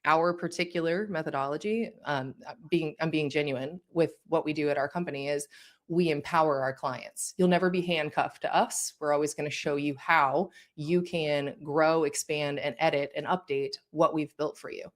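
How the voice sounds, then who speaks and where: A woman with a notably low voice leads a course in an easy, conversational way. She speaks directly and often stops to check that her listeners are following. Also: fairly even intonation, moderate pace. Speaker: course instructor. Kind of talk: conversational teaching.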